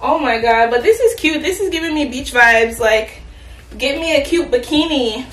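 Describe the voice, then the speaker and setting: Chatty high-voiced young woman in a roomy space. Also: animated, moderate pace, fairly bright tone, soft background music. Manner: chatty, playful, talks straight to viewers. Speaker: fashion vlogger. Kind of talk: casual try-on haul chat. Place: at home, in an echoey room. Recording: roomy, from a distance.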